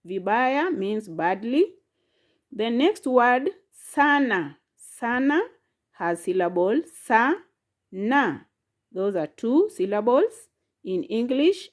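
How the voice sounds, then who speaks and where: A woman's voice: fairly high pitch, a little mellow. A woman teaching a language lesson, saying each word and syllable carefully and repeating it. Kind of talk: slow instructional lesson.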